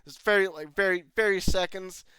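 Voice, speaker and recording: Online reviewer, ranting commentary, swears and laughs a lot, incredulous, smooth voice, dry close sound. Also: medium pitch, fairly even intonation, fairly quick, bright, forceful tone, no echo. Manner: laughs often between lines, swears freely; exasperated, incredulous rhetorical questions. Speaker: video reviewer. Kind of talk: ranting commentary over footage.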